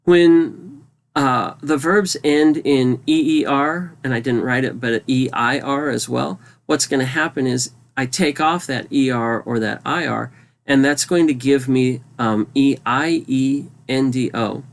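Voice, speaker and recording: A man walks through a grammar lesson in an easygoing, conversational way, spelling verb endings letter by letter. He talks at a middling pitch with an unhurried, chatty delivery and the odd um or restart. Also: creaky. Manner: relaxed, conversational, spells out letters, frequent ums. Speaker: Spanish teacher. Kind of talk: explanatory lesson over slides.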